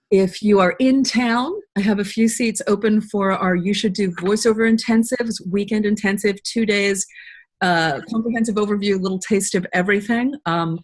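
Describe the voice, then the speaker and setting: Woman host and voiceover coach, mid-pitched, chatty, quick to laugh, rushes her stories. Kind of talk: casual webinar Q&A.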